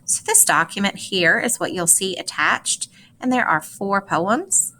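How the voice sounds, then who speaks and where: A woman teacher gives a recorded lesson, reading short poems aloud slowly and carefully and telling students how to practice them. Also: mid-range voice, lively intonation, pushed and bright, a little hiss or hum. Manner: slow, careful, instructive read-aloud with clear phrasing.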